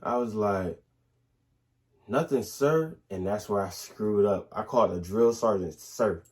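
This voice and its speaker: A young man, casually telling animated stories in a couple's Q&A, full of slang and restarts. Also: fairly low pitch, normal speed. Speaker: soldier in the Army, husband.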